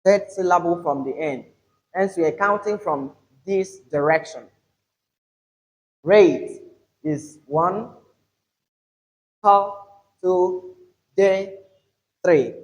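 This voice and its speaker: A man with a Nigerian English accent teaching English word stress, spelling out suffixes letter by letter in a deliberate classroom manner. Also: sits high, poor audio. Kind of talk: classroom-style pronunciation lesson.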